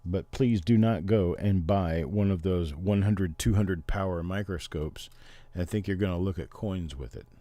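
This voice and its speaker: A middle-aged man from Missouri, Oklahoma and Memphis, Tennessee hosts a casual livestream, chatting with his viewers and explaining things. His voice is low and mellow, moving at a moderate pace, with no room sound.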